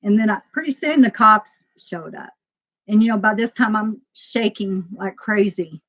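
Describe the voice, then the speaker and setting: A woman telling a personal story to a live audience in a casual, emotional way, laughing often and swinging between loud and quiet. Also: medium pitch, normal speed. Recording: dull lo-fi sound.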